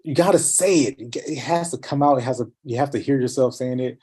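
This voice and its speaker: A man's voice: medium pitch, fast talker, dark tone, breathy edge. A man in a casual coaching chat, talking with energy and emphasis.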